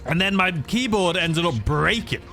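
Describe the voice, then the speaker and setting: A man's voice: high-pitched, lively intonation, normal speed, gravelly, sharp tone, soft background music. A man giving rambling, self-mocking gameplay commentary that tips into frustration. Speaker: gaming YouTuber.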